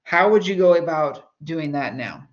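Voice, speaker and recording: A woman's voice: low voice, animated, moderate pace, lo-fi sound. A woman teaching a college English course in a recorded lecture, explaining with everyday examples and chatty asides.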